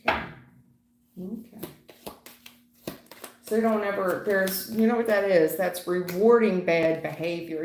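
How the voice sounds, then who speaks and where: A middle-aged woman doing a live tarot reading, blunt and slangy, teasing and animated as she talks to viewers. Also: medium pitch, unhurried, long pauses, roomy sound. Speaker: tarot reader.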